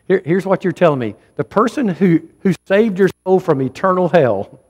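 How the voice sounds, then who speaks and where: High-voiced preacher man in an echoing church. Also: lively intonation, measured pace, a little mellow, husky. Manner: emphatic preaching, often urging listeners directly. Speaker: pastor. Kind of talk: sermon. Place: church sanctuary.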